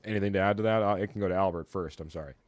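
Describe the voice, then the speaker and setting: A man's voice: sits low, very fast, no room sound. A man hosting a casual sports chat, chatty and steering the talk between guests. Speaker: host.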